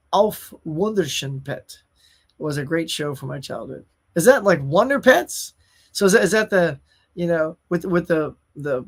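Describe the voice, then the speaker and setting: A man hosting a casual live stream, chatting about new movie releases and reading out viewer comments, often calling his viewers y'all. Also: on the high side. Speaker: host.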